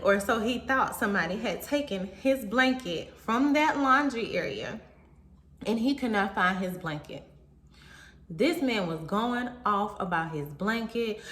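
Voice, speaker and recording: A young woman telling a personal story to her viewers in a casual, animated way, talking straight to them. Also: mid-range voice. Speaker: vlogger. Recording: roomy echo.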